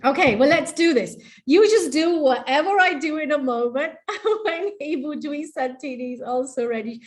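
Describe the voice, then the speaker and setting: A woman's voice: sits high, moderate pace. A woman presenting in an online webinar, playful and coaxing, leading the audience through breathing and laughter exercises over a video call.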